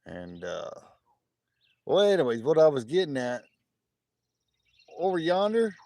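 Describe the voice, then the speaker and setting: A man putting on a West Texas drawl as a boastful, folksy coin stacker, loudly pointing things out around his land on a livestream. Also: on the high side, sing-song, unhurried, dry recording, voice pushed up. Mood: folksy boasting. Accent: put-on West Texas drawl. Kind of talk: livestream impression.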